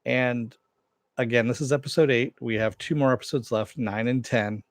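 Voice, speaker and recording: A man's voice: mid-range voice, fairly even intonation, moderate pace, no room sound, clean studio sound. A man casually recapping and reviewing a TV episode, rambling with many fillers and restarts. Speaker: TV show reviewer.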